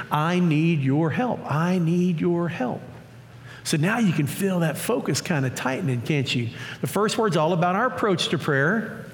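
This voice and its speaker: A male pastor preaching a sermon in a lively, story-acting way, recorded in a church. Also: on the high side. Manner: animated, acts out scripture stories. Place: church auditorium. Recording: long church hall reverb.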